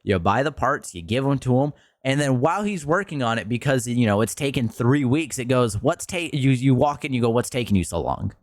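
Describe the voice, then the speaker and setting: Exasperated male streamer, average pitch, dead-dry close mic, heated profane commentary. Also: animated, a little fast, hardly any pauses, no room sound. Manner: frustrated, exasperated, swears often; pitch jumps up sharply when worked up. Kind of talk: ranting commentary video.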